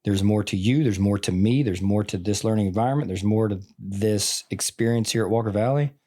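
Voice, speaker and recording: Veteran teacher, male, forties, low-pitched, earnest and rambling in relaxed conversation. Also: fairly quick. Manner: earnest, rambling, full of "like" and "I mean". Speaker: teacher and podcast guest. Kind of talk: casual conversation.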